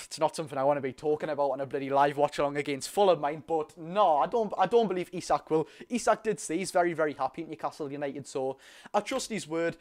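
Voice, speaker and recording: A man's voice: a little high, fast, darkish tone. A young man with a Geordie accent chatting casually and animatedly to viewers on a live football watchalong stream. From North East England. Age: young adult. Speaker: football fan YouTuber hosting a live watchalong.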